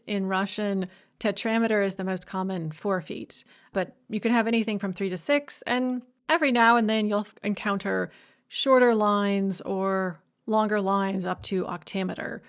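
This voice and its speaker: A woman giving a recorded lecture, explaining step by step with enthusiasm and humming rhythms to illustrate. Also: medium pitch.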